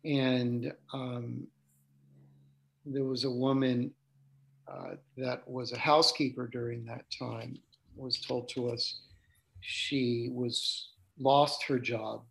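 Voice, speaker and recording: A man telling spiritual stories at a slow, deliberate pace. His voice sits in an ordinary middle pitch. He is reflective and unhurried, often pausing to gather his thoughts. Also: little pitch movement, gravelly, a bit bright. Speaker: yoga teacher.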